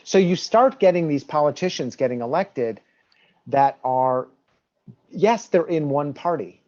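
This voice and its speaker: A man's voice: on the high side, expressive, measured pace, dark tone. A man being interviewed as a guest on a podcast, explaining his points emphatically and sometimes restarting his sentences. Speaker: guest, election reform advocate. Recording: dull lo-fi audio.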